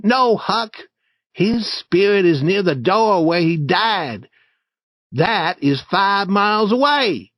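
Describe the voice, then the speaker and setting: A bold, eager young boy leading an adventure, as a man puts him on for an audiobook. His voice rides high and swings widely with excitement. The reading is slow and close, in a dry, deadened space. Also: dry recording, heavily acted. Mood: insistent. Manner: excited, urgent, insistent.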